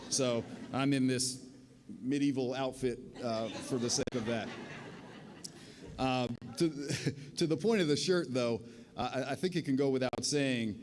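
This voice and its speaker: A man's voice: medium pitch, a little mellow. Wry man speaking in a reverberant hall. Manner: wry, self-deprecating, frequent "uh" fillers. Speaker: college dean. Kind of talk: ceremony speech. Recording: long reverb of a large hall.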